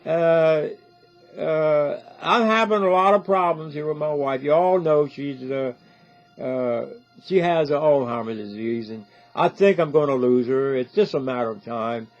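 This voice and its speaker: An older man rambles through a direct-to-camera video commentary, repeating himself and frequently asking "See?". His voice is a little high and unhurried, and the recording is dull and lo-fi with faint music underneath.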